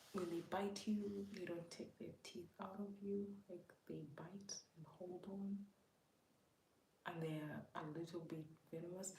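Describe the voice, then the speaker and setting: A woman's voice: lowish voice, mellow. A woman telling a story casually to her live chat, rambling and often half-whispering, with many filler words. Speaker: livestream host. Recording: echoey room with faint background noise.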